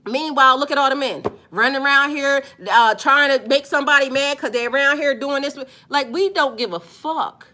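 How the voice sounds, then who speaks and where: A woman talks straight to her viewers in a high, bright voice. She is blunt and profane, leans hard on her points and drags out the words she stresses. It sounds like an unscripted video talk. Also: moderate pace, hardly any pauses. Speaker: spiritual life coach.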